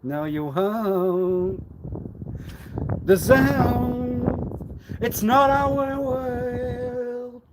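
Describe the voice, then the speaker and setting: A man rambling on a live stream, repeating himself and swinging suddenly between loud and quiet. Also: extremely high pitch, very slow, long pauses, noisy background. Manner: erratic, repetitive, with sudden swings in loudness. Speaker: livestreamer.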